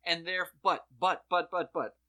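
A podcast co-host tells a long story in loose, profane chat, jumping into quick voices for the people in it. The voice is bright and forward, with a tense edge. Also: medium pitch. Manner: swearing storyteller who acts out quotes. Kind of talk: casual chat.

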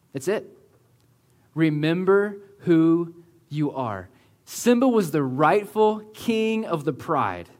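A man preaching a sermon in a church, earnest and conversational, often slowing to a hush for emphasis. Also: on the high side. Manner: earnest, conversational preaching with many "like" and "right?" asides; slows down and drops to a hush for emphasis. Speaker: pastor.

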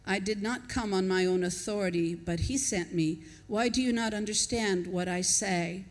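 A woman's voice: mid-range voice, steady tone, moderate pace. A woman preaches to her congregation in an easy, conversational way. She thinks aloud and puts questions to the listeners as she goes. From not from Australia, lives there. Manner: conversational, reflective, chuckles between points. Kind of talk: sermon.

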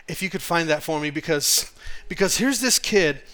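A man from Texas with a Texan accent, preaching a sermon on a church stage, telling stories in an animated way with frequent laughter and shouting. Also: a little high, normal speed, smooth. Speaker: pastor.

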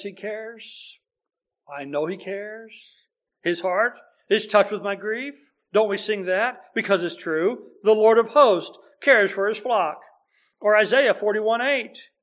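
A man's voice: high-pitched, a bit bright. A man preaching a sermon in a conversational, earnest way, building to emphatic repeated phrases.

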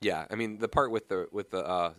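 A man's voice: brisk, dry recording. A young adult man hosting a radio talk show, chatting casually and ranting with growing animation. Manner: animated, rants with rising pitch and volume. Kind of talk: casual chat. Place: radio studio.

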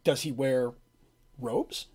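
A man's voice: medium pitch, slow pace, darkish tone, breathy edge. A man voicing a wary halfling mage. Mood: probing. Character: young male halfling mage, quick and wary.

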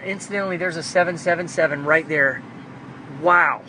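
In a personal faith vlog, a man offers devotional reflections as a believer, speaking earnestly, fervently, and with a rambling flow. His pitch is fairly high, his speed normal, and background noise is audible.

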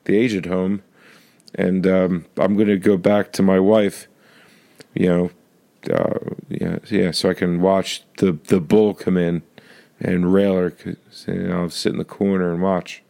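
A man's voice: sits low, level tone, unhurried, creaky, warm tone. A man co-hosting a podcast, joking casually about a movie and slipping into silly voices now and then. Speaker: podcast co-host.

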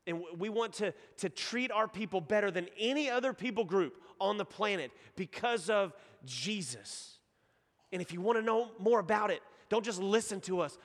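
A man's voice: sits high, animated, moderate pace, long reverb tail. A man from East Texas with a Texan accent, preaching a sermon in a casual storytelling way and joking with the congregation. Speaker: pastor.

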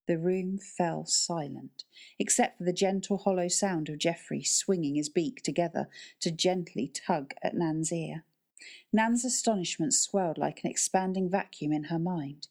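Woman narrator, calm and even, a lowish voice for a novel reading. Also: a little slow. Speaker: audiobook narrator. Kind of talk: scripted narration.

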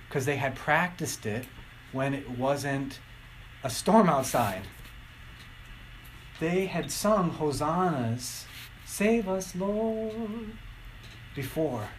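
Middle-aged guy preaching slow, acts out the quotes, bit of faint noise behind. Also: mid-range voice, rough recording. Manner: animated storytelling, acting out quotes. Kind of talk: sermon.

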